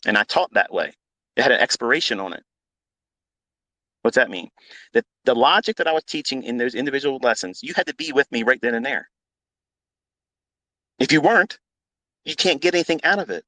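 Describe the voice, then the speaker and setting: A man's voice: a little high, animated, moderate pace, long pauses, pushed and bright, dry recording. Blunt, profane male trading mentor. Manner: blunt, profane, combative, repeats himself for emphasis. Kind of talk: live audio-room monologue.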